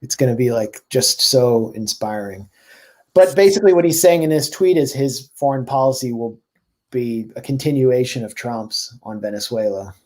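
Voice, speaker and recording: A journalist guest talking politics in a fast, sardonic run. His voice is mid-pitched for a man, and his talk is peppered with "like" and "I mean" as he builds his points. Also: a little mellow. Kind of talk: casual political chat.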